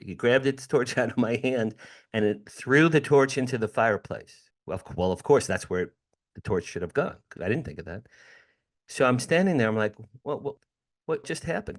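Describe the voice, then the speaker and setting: A middle-aged man, a guest in an interview, telling a personal story with animated, dramatic delivery. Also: medium pitch.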